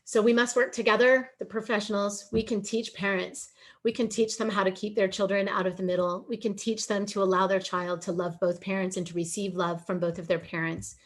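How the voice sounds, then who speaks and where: A woman's voice: medium pitch, little pitch movement, fairly quick. A middle-aged woman giving a webinar presentation over a video call, earnest and emotional, pleading at times.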